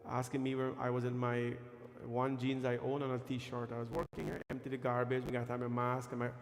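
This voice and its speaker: A temple pandit with a mid-range voice speaks briskly and with a completely flat delivery, giving a sermon and chanting Sanskrit verses with growing fervor. The recording was made in an echoey temple hall with music.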